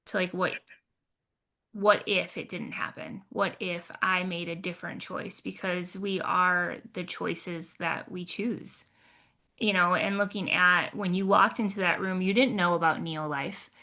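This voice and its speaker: A woman's voice: on the low side, fairly even intonation, a little slow, bright, forceful tone. A woman co-host chatting in an upbeat, conversational way. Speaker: podcast co-host. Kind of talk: casual chat.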